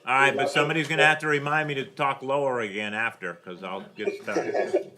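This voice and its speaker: A man acting as judge at bond hearings reads out charges and bond amounts in a brisk, formal way. His voice is medium-pitched with fairly even intonation. The courtroom recording is noisy, with crowd sounds in the background.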